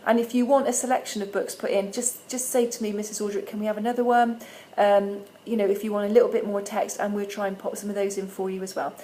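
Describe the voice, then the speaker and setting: Woman teacher gently sounding out letters. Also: mid-range voice, flat delivery, a little hiss or hum, low-quality recording. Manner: patient, sounds out letters slowly and clearly. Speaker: primary school teacher. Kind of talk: friendly instructional video for parents.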